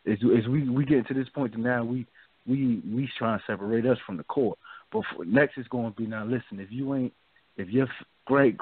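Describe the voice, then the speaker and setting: A man's voice: medium pitch, no room sound. A man hosting a radio talk show, chatting loosely and often asking "you feel me?". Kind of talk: casual discussion. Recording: dry, phone-like narrow sound.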